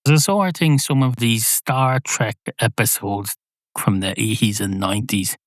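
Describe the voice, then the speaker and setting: A man hosting a podcast, musing in a rambling, deadpan comic monologue. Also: on the low side, normal speed, dry recording. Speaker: podcast host.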